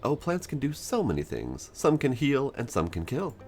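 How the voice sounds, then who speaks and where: A man's voice: mid-range voice, huge pitch swings, moderate pace, darkish tone, faint music behind, pitched above the performer's own voice. A man reading a kindly village herbalist woman. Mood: advising.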